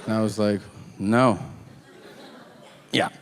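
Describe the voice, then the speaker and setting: A man's voice: medium pitch, lively intonation, normal speed. A middle-aged man performing stand-up, telling a story and acting out both sides of the dialogue. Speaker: stand-up comedian. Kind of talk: stand-up routine. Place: theater stage with live audience. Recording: live hall reverb, audience noise.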